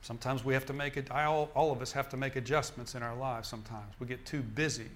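A man's voice: mid-range voice, steady tone, fast. A male minister preaching a sermon in an emphatic, repetitive style, often restarting his phrases.

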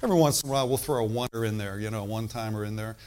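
In a lowish, darkish voice delivered very fast, an older male pastor works through a sermon. His preaching is casual and chatty, punctuated by frequent call-and-response exchanges with the people in the pews.

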